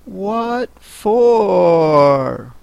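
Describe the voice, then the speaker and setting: A man's voice: high-pitched, animated, extremely slow, gravelly, clean tone, no echo, muffled recording, pitched above the performer's own voice, heavily acted. A man voicing a young girl who speaks in a decided, outspoken way. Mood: firm. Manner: loud and decided.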